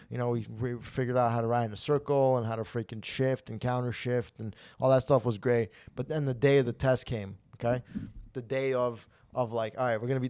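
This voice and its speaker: A young man in mid-pitch tells a comedy story casually, swearing freely and building to loud rants. The sound is dry and close, with no room echo. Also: smooth. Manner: animated, profane, gets loud when ranting. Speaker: podcast host.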